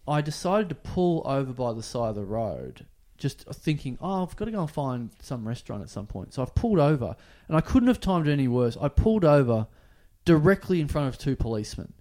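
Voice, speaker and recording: A man's voice: medium pitch, warm tone. A man, co-hosting a podcast and telling a rambling anecdote in casual chat, acting out bits of dialogue. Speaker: podcast co-host.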